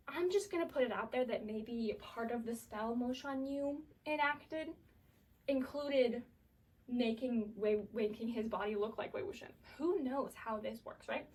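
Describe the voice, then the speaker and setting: A woman's voice: on the high side, far from the mic, low-quality recording. A woman recapping a drama series in a chaotic, profane, casual way, full of fillers.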